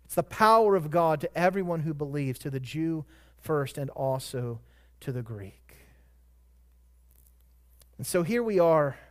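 A man preaching a sermon as pastor, shifting between quiet reflection and loud, emphatic peaks. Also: fairly high pitch, expressive, measured pace, long pauses.

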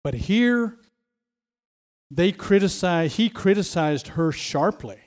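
A man's voice: sits high, animated, slow pace, a little mellow. Guy preaching, keeps repeating himself for emphasis, voice goes way up and down. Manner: emphatic, repeats phrases and restarts. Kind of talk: sermon.

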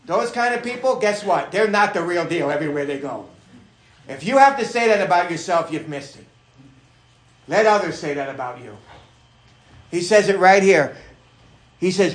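A middle-aged male pastor preaching a sermon, animated and rising to shouts when he stresses a point. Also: high-pitched, moderate pace, roomy sound. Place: church sanctuary.

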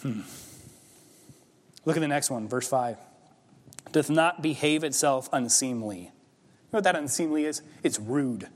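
A man's voice: fairly high pitch, measured pace, long pauses. Man preaching with hall reverb. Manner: conversational preaching, rising to emphatic peaks. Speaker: pastor. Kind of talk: sermon. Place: church sanctuary.

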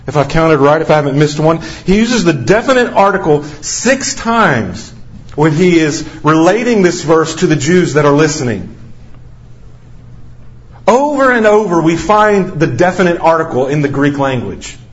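A man's voice: a little high, expressive, normal speed, highs cut off. A man preaching a sermon as a missionary, stressing key phrases by repeating them over and over.

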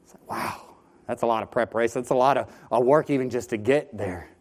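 A man preaching a sermon from a church pulpit. He tells a story with lively energy and often repeats words as he starts a phrase. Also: medium pitch, fairly quick. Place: church sanctuary.

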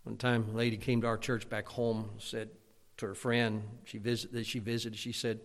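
Loud preacher in echoing church. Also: male voice, lowish voice, little pitch movement, normal speed. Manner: loud, emphatic preaching with stammered restarts. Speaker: pastor. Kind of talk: fiery sermon. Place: church sanctuary. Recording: long church reverb.

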